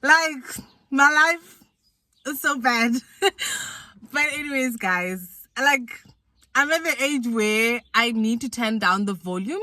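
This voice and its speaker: A woman's voice: a little high, lively intonation, pushed and bright, no echo. A woman of twenty-one chatting playfully to camera in a casual vlog. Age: young adult, 21. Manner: chatty, playful, quick asides. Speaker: vlogger.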